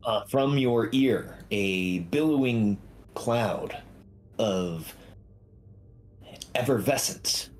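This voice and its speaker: A man's voice: fairly low pitch, very slow, long pauses, a little hiss or hum. Man narrating a tabletop game. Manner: loose, descriptive, with filler sounds. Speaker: game master.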